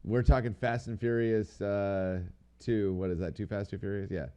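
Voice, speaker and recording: Mellow-voiced man in casual chat. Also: on the low side, fairly even intonation, moderate pace, clear, resonant tone. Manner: rambling, slangy, swears casually. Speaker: podcast co-host.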